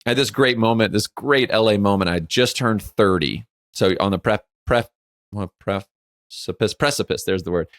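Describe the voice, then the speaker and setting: A man's voice: fairly low pitch, normal speed, few pauses, dry recording, studio quality. A man in his forties co-hosting a podcast, telling stories in a casual chat and acting out quotes. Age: 40s. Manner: animated storyteller who acts out quotes; frequent filler "like". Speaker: podcast co-host.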